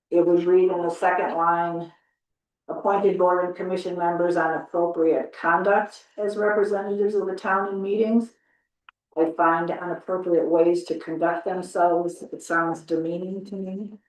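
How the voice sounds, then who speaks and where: A woman board member giving deliberate comments on the wording of a policy at a public meeting. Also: on the low side, a little mellow, roomy sound, far from the mic, low-quality recording. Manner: deliberate, particular about wording.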